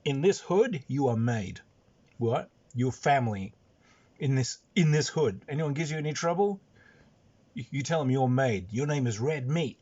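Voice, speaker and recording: A man's voice: mid-range voice, expressive, moderate pace, a little mellow, breathy edge. A man with a Western Australian accent voicing friendly tough street guys who greet him with amazement. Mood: excited, welcoming. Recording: dull lo-fi sound.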